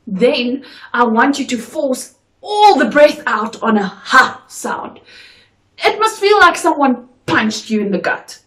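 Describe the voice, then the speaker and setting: A woman drama teacher giving a video lesson, speaking slowly with careful, crisp articulation. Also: sits high. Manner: slow, clearly articulated delivery. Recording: echoey room.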